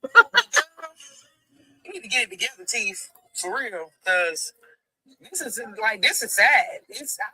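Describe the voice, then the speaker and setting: A chatty woman hosting a livestream, blunt and full of profanity as she answers viewer comments. Her voice is bright and forceful. The sound is close and dry, with no room around it. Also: fairly high pitch, very animated, unhurried, slightly rough, no room sound. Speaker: livestream host.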